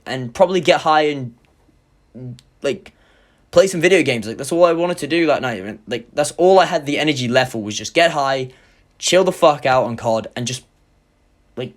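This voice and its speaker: A young man tells a wild personal story on camera. He talks in an animated, rambling way, swears freely and leans on filler words. His voice sits at a middle pitch. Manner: animated retelling, heavy swearing, many fillers. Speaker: YouTuber. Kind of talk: storytime vlog.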